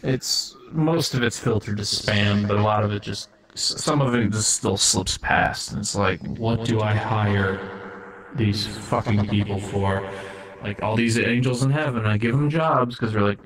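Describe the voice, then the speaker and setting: A male streamer speaking unhurriedly in a low voice does an improvised comic turn as God, full of rambling, profanity, and sentences he abandons halfway. The low-quality recording carries a little hiss or hum.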